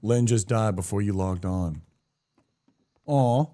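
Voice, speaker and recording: A man's voice: on the low side, takes it slowly, dark tone. A young man live-streaming a game, chatting casually, greeting viewers by name and swearing now and then in a hyped-up way.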